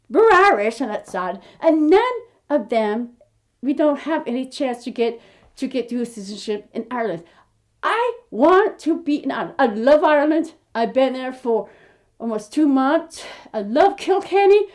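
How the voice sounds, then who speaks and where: A fifty-year-old American woman talks straight to camera in a slightly high voice. She rambles and restarts, quirky and openly candid, as she recounts her journey as an aspiring actress. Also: normal speed. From United States. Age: 50s. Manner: rambling, quirky, animated storytelling with frequent restarts. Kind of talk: casual chat to camera.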